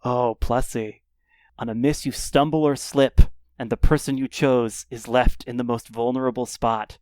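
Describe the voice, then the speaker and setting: A man running a tabletop game as game master, setting scenes in a descriptive, measured way. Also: mid-range voice, steady tone, a little mellow, smooth, dry recording.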